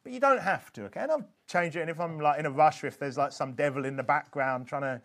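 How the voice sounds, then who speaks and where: A man with a notably high voice teaches in an informal, conversational way. He is earnest and emphatic, repeating and restarting phrases as he goes. He keeps checking in with his listeners with a quick "okay?". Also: fairly bright tone. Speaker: evangelism instructor. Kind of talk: informal religious teaching talk.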